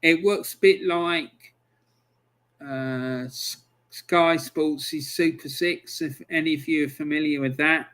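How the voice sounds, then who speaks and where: A man's voice: fairly high pitch, steady tone, takes it slowly, a bit bright. A man hosting his own football review channel, talking alone in a chatty, exasperated, bantering way. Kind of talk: solo football review talk.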